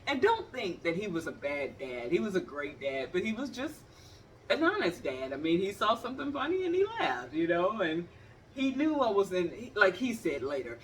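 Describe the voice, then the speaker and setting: A woman's voice: fairly low pitch, sing-song, normal speed, distant mic, slight background noise. A woman in her fifties, from the Cleveland area, telling funny stories and acting out the scenes while she talks to the viewer. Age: 50s. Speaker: vlogger. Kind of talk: animated comedic storytelling.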